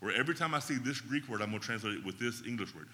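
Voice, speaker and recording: A man's voice: medium pitch, lively intonation, very fast, pushed and bright, in a large hall. A man teaching a Bible class in a conversational way, often checking in with his listeners.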